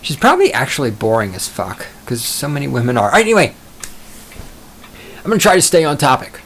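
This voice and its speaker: A man's voice: medium pitch, big pitch swings, fast, a bit bright, slight background noise. Male solo podcaster, rambling and swearing, self-mocking, mid-range voice. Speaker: podcast host.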